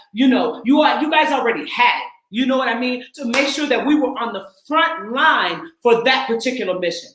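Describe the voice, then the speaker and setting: A woman in her forties from the Twin Cities, an actress and acting coach, talking casually and emphatically, sometimes laughing and rising into shouts. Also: fairly high pitch, echoey room, rough recording. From Twin Cities, Minnesota. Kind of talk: casual heartfelt talk.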